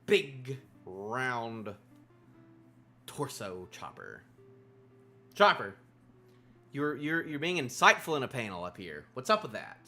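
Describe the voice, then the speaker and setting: A man streaming a live manga reaction with a bright, forward voice that leaps all over his pitch range. He gets excited, repeats himself and wanders off on tangents. Faint music plays underneath. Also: takes it slowly, long pauses.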